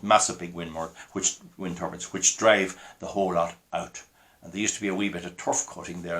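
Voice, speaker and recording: A man's voice: low voice, fairly bright tone. An older man with an Irish accent, talking to camera in a rambling, indignant monologue full of restarts. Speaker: commentator.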